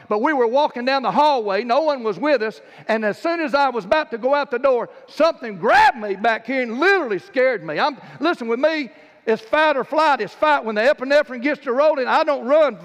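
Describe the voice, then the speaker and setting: A man's voice: very high-pitched, fairly bright tone, long reverb tail. A man preaching a sermon in a church, telling stories with emphatic, fervent delivery. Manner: storytelling, emphatic, rising to fervent peaks. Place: church sanctuary.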